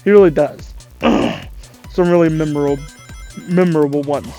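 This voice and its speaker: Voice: medium pitch, wildly swooping pitch, moderate pace, gravelly, mellow, soft background music. A let's play commentator talking loosely over gameplay, self-deprecating and swearing casually.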